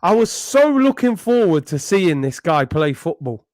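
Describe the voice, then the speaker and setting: A man's voice: high-pitched, sing-song, a little slow, a little mellow, no echo, clean studio sound. A young man ranting in exasperation as a football channel host, repeating himself in disbelief. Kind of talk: ranting vlog commentary.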